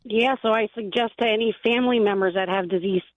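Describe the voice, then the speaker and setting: A woman's voice: mid-range voice, fast talker, dry recording, phone-quality sound. An older woman calling in to a radio show, talking earnestly with hesitant fillers. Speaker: caller. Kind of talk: phone-in chat.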